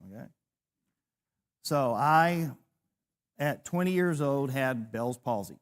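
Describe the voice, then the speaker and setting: A man's voice: medium pitch, expressive, slow pace. A man in his sixties, a preacher, teaching a church class, telling a personal story with self-deprecating humor.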